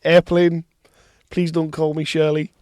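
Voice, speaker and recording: High-voiced man, animated. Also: unhurried, dry recording, studio quality. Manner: animated storyteller, laughs often. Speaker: podcast co-host. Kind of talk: casual chat.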